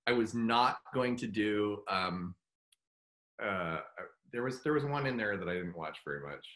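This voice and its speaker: A middle-aged man speaking as a guest in a casual interview, halting and heartfelt. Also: fairly low pitch, expressive, fairly bright tone. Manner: halting, full of fillers and restarts; heartfelt, open about his feelings. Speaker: guest actor.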